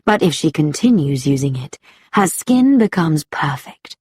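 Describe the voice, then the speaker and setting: A woman doing a cruel vain villainess, cold and taunting, slow, breathy, storybook reading. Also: low voice, big pitch swings, darkish tone, no echo, studio quality, pitched below the performer's own voice, exaggerated voice.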